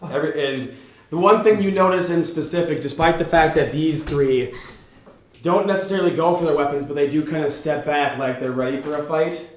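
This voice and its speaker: A man's voice: a little high, a little fast. A man narrating as game master in a casual, loose way, briefly slipping into the voices of characters. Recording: echoey room.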